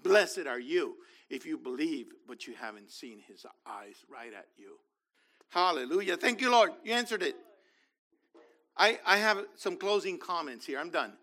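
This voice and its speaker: A man preaching a sermon, animated, acting out scenes and questioning his congregation. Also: a little high, a little slow. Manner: animated, acts out biblical figures, talks to congregation. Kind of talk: sermon, Bible teaching.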